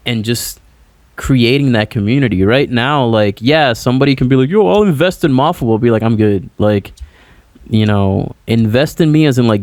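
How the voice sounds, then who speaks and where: A man's voice: on the low side, darkish tone, no room sound. A man, a musician guest, chatting casually on a podcast over a remote call, rambling and filling his talk with "like" and "you know".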